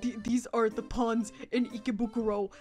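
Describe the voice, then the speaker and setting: A sly, condescending young man who lectures with quiet smugness, as a woman puts him on. He sits in her own fairly high register, with faint music underneath. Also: level tone, normal speed, close to an everyday voice. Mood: smug. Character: smug manipulative young man.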